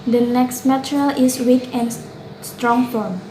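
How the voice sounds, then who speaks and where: A woman's voice: a little high, fairly even intonation, unhurried, mellow. A young woman student with an Indonesian accent, earnestly reading a prepared class reflection, with occasional slips and self-corrections. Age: young adult. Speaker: student presenter. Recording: roomy, with faint noise.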